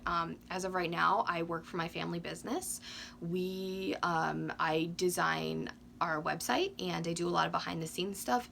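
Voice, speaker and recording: A woman in her twenties chatting casually to camera with lots of ums, a little hoarse from losing her voice. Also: lowish voice, fairly bright tone, slight background noise. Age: 20s. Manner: chatty, frequent ums, candid. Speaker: doll collecting YouTuber.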